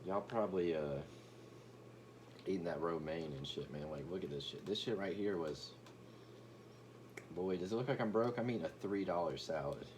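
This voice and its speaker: Profane, brash man with a very low voice. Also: moderate pace, long pauses, background noise. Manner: brash, profane, boastful rant with stammered restarts. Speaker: comedic commentary vlogger. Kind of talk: ranting comedic commentary.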